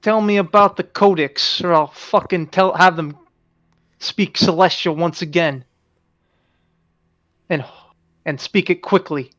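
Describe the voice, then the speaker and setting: A man's voice: mid-range voice, fairly even intonation, slow, pauses often, a bit bright. A man playing a menacing, impatient interrogator.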